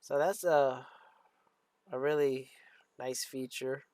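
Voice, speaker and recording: A man giving casual commentary on a train simulator game, talking in a slow, halting way and chuckling as he reads out memes. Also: mid-range voice, fairly even intonation, a little mellow, no room sound. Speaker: train simulator video host.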